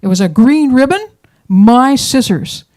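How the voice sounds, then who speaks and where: Lady playing a stubborn indignant wife, loud and insisting she's right. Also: on the high side, animated, a little slow, voice pushed up. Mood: defiant.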